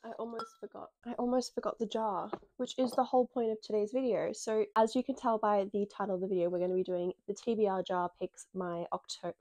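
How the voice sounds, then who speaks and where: Nasal Australian woman, chatty and mellow. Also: mid-range voice, fairly quick, hardly any pauses, no echo. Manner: chatty, excitable, swears casually. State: stuffy and nasal from a cold. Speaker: book vlogger. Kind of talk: casual chat to camera. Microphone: dedicated microphone close up.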